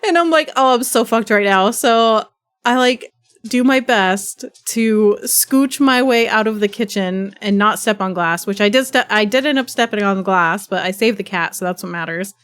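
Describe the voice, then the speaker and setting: A young woman livestreaming, telling a chaotic story in a rambling, profane, animated way, with a stuffy nose from sneezing. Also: mid-range voice, moderate pace, smooth. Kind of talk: casual chat.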